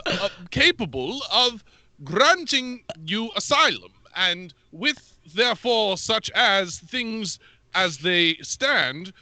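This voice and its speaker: A man's voice: sits high, pushed and bright, no room sound, pitched above the performer's own voice, exaggerated voice. A man doing a fussy, officious legal pedant. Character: pompous male bureaucrat citing space law.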